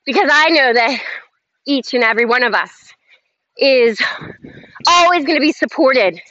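A woman's voice: sits high, lively intonation, a little slow, pushed and bright, no room sound. A woman hosting a motivational talk, speaking emphatically and leading chant-like affirmations. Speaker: host. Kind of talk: motivational self-help talk. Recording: slightly dull lo-fi audio, faint noise.

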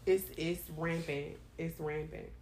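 A woman hosting a podcast, talking in a blunt, profane and animated way. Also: deep voice, slow, slight background noise. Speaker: podcast host. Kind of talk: candid casual chat.

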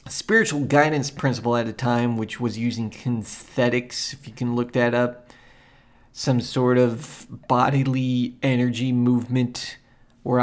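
A man at an ordinary middle pitch talks through a solo spiritual podcast. He drifts from thought to thought, circles back, and repeats phrases. His talk is loose and casual, full of ums and side remarks. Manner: rambling and meandering, repeats himself; loose and conversational, with frequent ums and asides. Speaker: podcast host.

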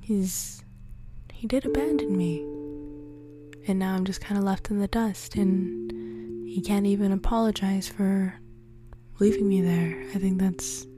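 A woman speaking a personal confessional diary, softly and often in a whisper, halting and introspective. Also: medium pitch, flat delivery. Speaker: podcast diarist. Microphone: audio on one channel only. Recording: music playing behind.

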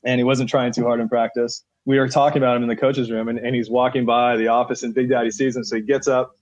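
A man's voice: mid-range voice, flat delivery, fast talker, dry recording, lo-fi sound. A man who coaches setters for a national team, talking emphatically in a podcast interview with lots of filler words.

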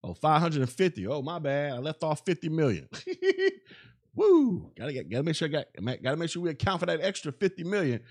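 A man's voice: a little high, animated, fast talker. A man hosting a solo podcast in a casual, rambling rant, often restarting his sentences and tossing in filler phrases. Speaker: podcast host. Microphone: podcast microphone.

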